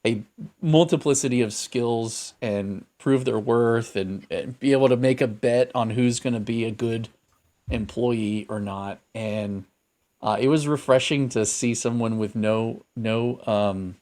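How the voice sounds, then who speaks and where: A man's voice: mid-range voice, unhurried, darkish tone. A man co-hosting a podcast, talking in a thoughtful, rambling way with many fillers and restarts. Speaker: podcast co-host. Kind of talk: casual podcast chat.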